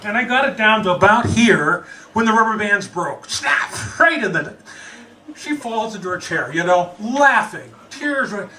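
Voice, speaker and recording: A man from the United States telling a humorous personal story, animated and chuckling as he goes. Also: sits high, normal speed, recorded from a distance, slight background noise, low-quality recording.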